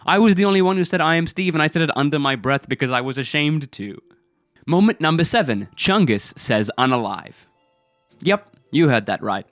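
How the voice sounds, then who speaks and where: A man's voice: fairly high pitch, animated, moderate pace, a bit bright, no room sound, clean studio sound, faint music behind. Rambling man reviewing a film. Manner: rambling, incredulous, many "like" fillers. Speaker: film review video creator. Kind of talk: casual film commentary.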